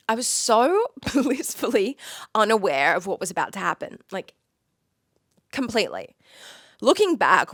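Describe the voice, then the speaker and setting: A woman's voice: medium pitch, fairly bright tone, no room sound, clean studio sound. A young woman hosting her own podcast, telling a personal story in a gushing, emotional way and often breaking into giggles. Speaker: podcast host.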